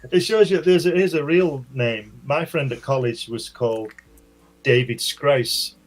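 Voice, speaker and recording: A man's voice: a little high, lively intonation, moderate pace, darkish tone. A man on a podcast panel, telling chatty anecdotes. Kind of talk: casual panel chat.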